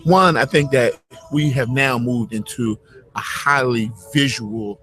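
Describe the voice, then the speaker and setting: Male guest, marketing type, upbeat and salesy, mid-range pitch, speaking at a conference booth. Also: a little slow. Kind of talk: casual interview. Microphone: studio microphone at a table.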